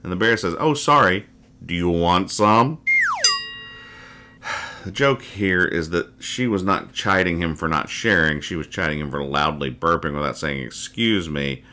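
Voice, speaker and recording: A man hosting a casual podcast, reading and explaining comic strips in a wry, rambling way that trails off quietly after jokes. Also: sits low, normal speed, a little hiss or hum.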